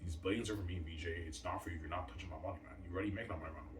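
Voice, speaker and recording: A man's voice: sits low, fairly even intonation, racing. A man ranting in a rambling, agitated monologue, swearing a lot and repeating himself. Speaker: self-published author. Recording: echoey room, mic at a distance, faint ambient noise.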